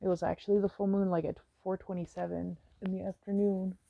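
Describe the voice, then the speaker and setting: A woman in her thirties tells her own story frankly and meanderingly, with lots of fillers. Her mid-range voice is creaky and brisk, with little pitch movement. The recording is dull and lo-fi, with no room sound.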